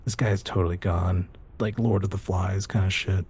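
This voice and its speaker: A man's voice: low voice, fairly even intonation, normal speed, darkish tone, husky. A man running a tabletop horror game as game master, narrating scenes in vivid detail.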